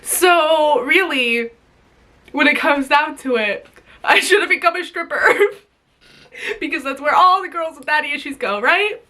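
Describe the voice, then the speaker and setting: Speaking in a high, bright, expressive voice at an unhurried pace, a young woman vlogger rants directly to the camera. She's bitterly sarcastic, swears freely, and her voice breaks with emotion at times in this emotional vlog-style outburst.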